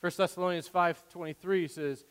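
A man preaching a sermon, excitable, swinging from loud declarations to quiet asides. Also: high-pitched, moderate pace, smooth. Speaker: pastor. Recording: long hall reverb.

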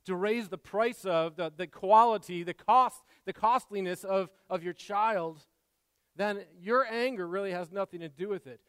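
A man, a father, preaching a sermon in an earnest way, repeating words and moving between soft asides and loud emphasis. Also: high voice, smooth, dry recording, in a large hall. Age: adult father. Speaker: pastor.

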